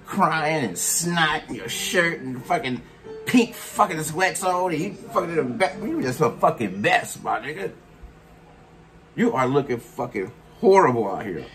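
A man giving a profane, mocking reaction rant as a vlogger, scolding someone in heavy slang. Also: a little high. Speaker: commentary vlogger.

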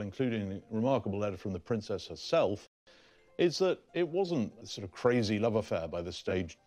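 A man's voice: fairly low pitch, darkish tone, dry recording. A man explaining historical documents in an emphatic, explanatory way.

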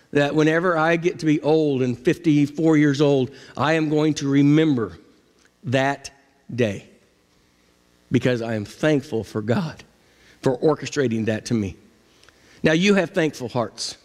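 A man preaching a sermon as pastor, dramatic, swinging from low murmurs up to high cries. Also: a little mellow. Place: church sanctuary. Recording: long church reverb.

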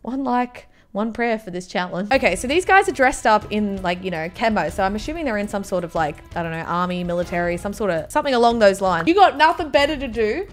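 A woman's voice: medium pitch, lively intonation, fast talker, hardly any pauses, faint music behind. A young woman doing chatty, mock-dramatic reaction commentary as a YouTuber.

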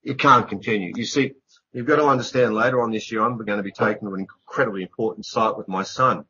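A man's voice: on the low side, fast talker, bright, forceful tone, slightly rough. A middle-aged man, an author speaking as a radio interview guest, earnest and emphatic, repeating words for stress. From Australia. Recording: dull lo-fi radio recording.

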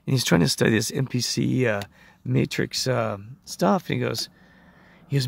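A man with a hoarse voice, rambling in a casual monologue and acting out the conversations he reports. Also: medium pitch, normal speed. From United States. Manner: rambling, acts out quoted conversations. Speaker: vlogger.

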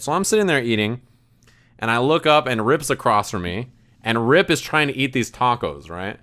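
On a casual stream, a man rambles through an anecdote, leaning heavily on "like" and breaking into bursts of laughter. His average-pitched voice is smooth, clear and fairly bright.

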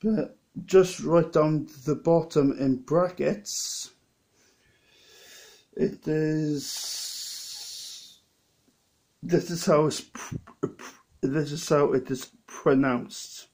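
A man's voice: fairly high pitch, fairly even intonation, darkish tone. A man with a Welsh accent, a bit drunk, rambling and restarting his sentences as he tastes a beer in a casual vlog. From Wales. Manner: rambling, halting, with many restarts. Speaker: lay preacher vlogger.

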